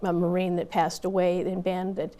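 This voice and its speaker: A woman's voice: fairly low pitch, completely flat delivery, normal speed, dark tone. A woman in her fifties, a Marine Corps veteran, telling her story candidly in an interview with plenty of fillers and restarts.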